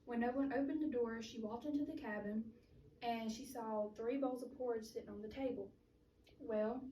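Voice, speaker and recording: A woman's voice: fairly high pitch, warm tone. A young woman giving a speech in which she retells a children's story in a chatty, loose way. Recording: roomy, distant mic with faint noise.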